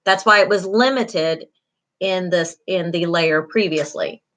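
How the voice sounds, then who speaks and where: A woman's voice: fairly low pitch, unhurried, a bit bright. A middle-aged woman, a beauty school instructor giving an online class lecture, encouraging, with many fillers, repeating key terms.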